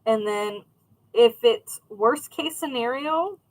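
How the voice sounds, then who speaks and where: A young woman chats loosely with her live viewers while she works on a craft, reading their comments aloud and answering as she goes. Her voice sits a little high, and she rambles through stories with plenty of "like" and "um" along the way. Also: slow pace, low-quality recording. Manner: chatty, rambling, reads and answers chat. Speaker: crafting livestream host. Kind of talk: casual chat with live viewers.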